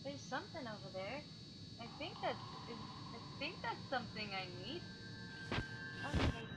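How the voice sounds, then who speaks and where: A woman's voice: a little high, sing-song, measured pace. A young woman commentating a horror game while scared, jumpy and exclaiming, breaking into nervous laughter. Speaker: gameplay commentator. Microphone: desk microphone, knocked about. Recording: faint background noise.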